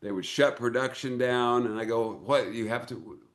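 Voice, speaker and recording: An older American man, an actor and director, telling lively anecdotes in an interview and acting out the voices in them. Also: medium pitch, moderate pace. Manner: animated storyteller who acts out quoted voices. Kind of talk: casual interview storytelling.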